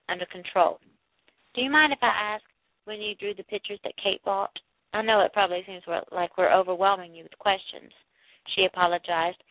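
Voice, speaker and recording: Female audiobook narrator, steady novel reading, thin phone-like sound, dry. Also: mid-range voice, no echo. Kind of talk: novel reading with light character voices.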